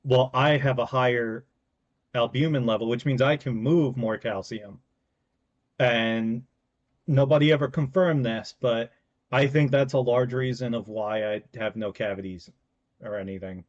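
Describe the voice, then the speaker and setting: A man co-hosting a podcast in relaxed casual chat, his sentences often trailing off quietly. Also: medium pitch, measured pace, highs cut off. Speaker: podcast co-host.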